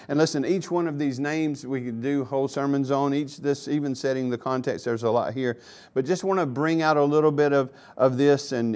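Male pastor mid-sermon in a church, emphatic, repeats key phrases, dynamic from soft to loud. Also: mid-range voice.

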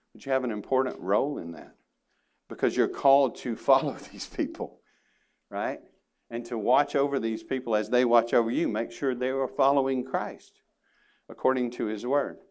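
A man's voice: medium pitch, darkish tone. A man preaching a sermon to his congregation, earnest and emphatic, with casual asides. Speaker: pastor. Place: church sanctuary.

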